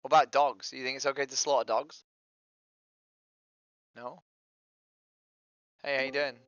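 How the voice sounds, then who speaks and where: A man's voice: medium pitch, level tone, moderate pace, a bit bright, clean tone, dry recording. A man streaming as a vegan activist, persistently repeating his opener and asking probing questions over voice chat. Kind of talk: street-outreach style questioning on voice chat. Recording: dry lo-fi stream audio.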